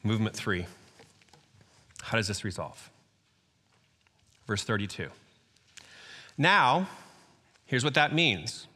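A middle-aged man preaching a sermon in a lively, conversational storytelling way, often acting out voices. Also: on the low side, slow, pauses often. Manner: animated, acts out quoted voices, conversational storytelling. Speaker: pastor. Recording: hall reverb.

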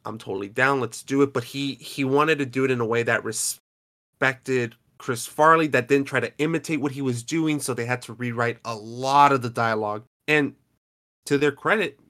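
A man's voice: mid-range voice, normal speed, a bit bright. A man hosting a casual podcast chat, talking in a chatty, rambling way with frequent restarts. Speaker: podcast host.

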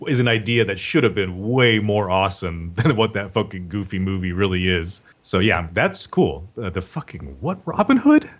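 Male co-host, low but very lively voice, swears through exasperated rants. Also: moderate pace, few pauses. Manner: exasperated ranting, heavy swearing. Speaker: podcast co-host. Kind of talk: casual podcast banter.

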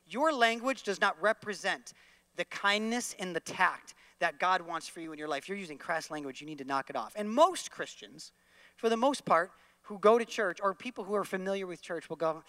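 A man preaching a sermon in an animated way, leading his listeners, including those at home, in repeating lines after him. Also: sits high, a little fast, no room sound. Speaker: pastor.

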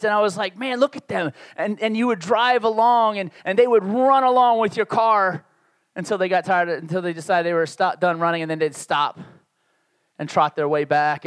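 Younger guy preaching, high voice, chatty asides, dry mic. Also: moderate pace, no room sound. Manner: animated, conversational preaching with asides and restarts. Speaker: pastor. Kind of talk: sermon.

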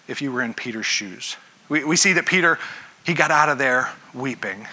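Bright, husky-voiced male preacher. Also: medium pitch, normal speed. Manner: conversational, asks the listeners questions. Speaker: pastor. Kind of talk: interactive sermon.

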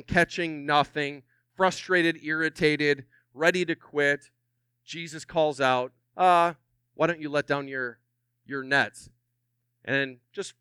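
A middle-aged man preaching a sermon as pastor, animated and drawing responses from his congregation. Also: mid-range voice, smooth, no echo, clean studio sound.

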